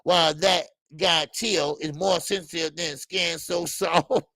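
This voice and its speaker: Man, boxing stream host, gravelly voice, dry close sound, animated rant, lots of uh-uh fillers. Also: a little high, a little slow, dry recording. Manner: animated ranting with many stammered fillers. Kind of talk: live-stream chat reading viewer comments.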